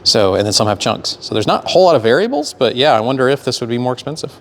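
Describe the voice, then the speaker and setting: A man's voice: mid-range voice, big pitch swings, very fast, slight background noise. A man co-hosting a climbing video, chatting casually and joking, breathing heavily as he talks. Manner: playful, jokey, breathes heavily. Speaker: climbing channel co-host. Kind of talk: casual chat.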